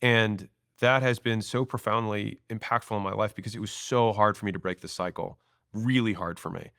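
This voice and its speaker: A man in his thirties, a podcast guest, telling stories and acting out quoted lines in an animated way. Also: fairly low pitch, moderate pace, vocal fry, no room sound, clean studio sound. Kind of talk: storytelling interview talk.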